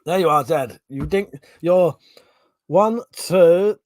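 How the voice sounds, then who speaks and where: A man's voice: a little high, takes it slowly, a little mellow. A man with a British accent hosting a casual live stream, chatting sarcastically, swearing freely and reading out viewer comments. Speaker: livestream host.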